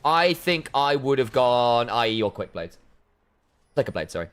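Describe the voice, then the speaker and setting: A man casting a live esports match, breaking down item choices in detail, chatting with viewers and breaking into excited shouts during fights. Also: mid-range voice, normal speed, smooth. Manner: analytical, chatty with viewers, bursts of excitement on plays. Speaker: esports caster.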